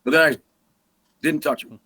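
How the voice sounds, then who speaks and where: Husky man telling a lively hunting story. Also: fairly high pitch, moderate pace. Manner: animated, acts out sounds and quoted dialogue. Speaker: guest hunter. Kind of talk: casual storytelling.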